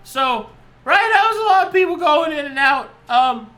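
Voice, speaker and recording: A voice doing a bright, chirpy bard man. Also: high voice, moderate pace, voice pushed up. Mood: chatty. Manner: chatty, excitable, rambling. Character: cheery male bard in a beast costume. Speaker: street bard and drug peddler.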